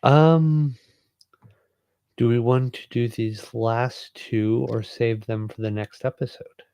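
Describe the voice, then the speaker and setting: A man co-hosting a podcast, speaking calmly and mostly offering short agreements. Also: mid-range voice, slow pace, clear, resonant tone, no room sound. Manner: calm, mostly brief agreements. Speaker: podcast co-host. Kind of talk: casual chat.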